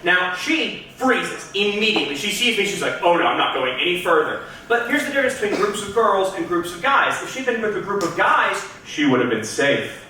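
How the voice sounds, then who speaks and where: A man's voice: sits high, big pitch swings, moderate pace, hardly any pauses, sharp tone, slight background noise. A man doing stand-up comedy on a club stage, telling a story in a theatrical, punchy way and talking straight to the crowd. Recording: echoey club room, mic at a distance.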